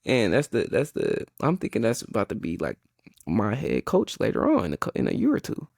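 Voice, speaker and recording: A young man hosting a podcast, telling a childhood story in an animated, slangy, casual way. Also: on the low side, brisk, vocal fry, slightly rough, no room sound, clean studio sound. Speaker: podcast host.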